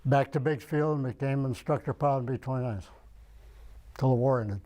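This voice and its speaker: In an oral history interview, an older veteran from Michigan rambles and digs through his memories out loud. He speaks briskly in a warm, mid-range voice.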